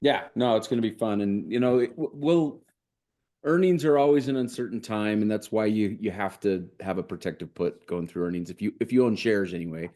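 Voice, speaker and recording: Male co-host, mellow dark tone, wry casual delivery. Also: fairly low pitch, fairly quick. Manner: dry, wry quips. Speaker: co-host and options instructor. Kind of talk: casual podcast chat.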